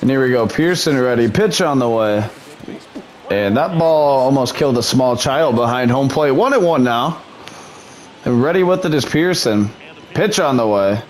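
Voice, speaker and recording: A man's voice: medium pitch, animated, normal speed, slight background noise. A man doing mock broadcaster play-by-play over his own video game, slipping into muttered frustration between calls. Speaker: gaming YouTuber. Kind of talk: play-by-play commentary while gaming.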